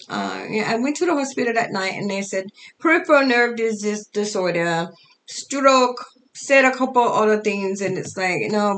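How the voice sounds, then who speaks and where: A middle-aged woman tells her story in a halting, unpolished way, with plenty of pauses and restarts. Her speech has an altered, foreign-sounding lilt. Her voice sits a little high, with a gravelly edge. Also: a bit bright, a little hiss or hum. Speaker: storyteller sharing her life. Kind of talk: casual personal storytelling.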